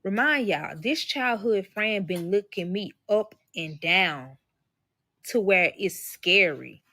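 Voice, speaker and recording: A woman's voice: mid-range voice, animated, slow pace, bright, forceful tone, no echo. A woman telling a personal story in casual, profane talk, speaking to her listeners as y'all and acting out the voices of the people in it. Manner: acts out quoted voices. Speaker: storyteller recounting a personal experience. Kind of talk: casual storytelling to a live audience.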